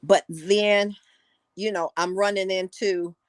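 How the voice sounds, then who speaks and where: A woman's voice: medium pitch, steady tone, takes it slowly, dry recording. An older woman, a guest on a talk show, talking casually and telling a folksy story with repeated words for emphasis.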